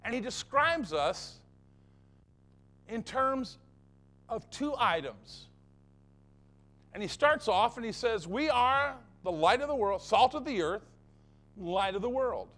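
High, lively-voiced preacher man, emphatic. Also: slow, pauses often. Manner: emphatic, repeating phrases for effect. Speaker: pastor. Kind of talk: sermon.

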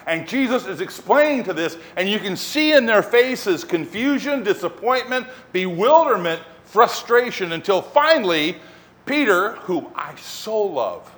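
A man preaching a sermon as pastor, telling the story in an animated way and acting out scenes. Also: sits high, unhurried.

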